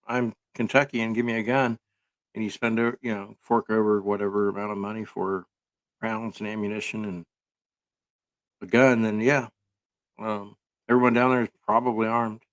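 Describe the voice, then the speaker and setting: A man's voice: lowish voice, little pitch movement, normal speed, pauses often. A man giving casual, rambling commentary full of sarcastic jokes and filler words.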